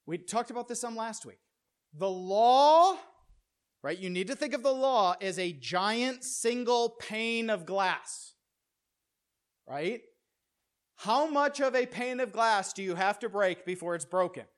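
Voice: medium pitch, lively intonation, measured pace. Preacher teaching a congregation conversationally. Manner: keeps checking in with "right?" and rhetorical questions; restarts phrases and repeats words when pressing a point.

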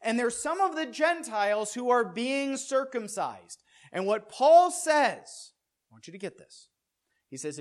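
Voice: medium pitch, big pitch swings, a little slow. A preacher giving a conversational sermon who keeps asking the listeners "right?" and restarts phrases to press a point. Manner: keeps checking in with "right?" and rhetorical questions; pace and loudness rise and fall for emphasis.

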